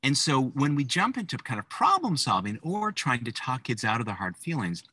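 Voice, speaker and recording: Bright animated guy, bit husky, chatting to parents about kids, dry close sound. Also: medium pitch, normal speed, no echo. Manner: animated, acts out parent and kid voices. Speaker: co-author giving a book talk. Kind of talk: conversational talk to parents.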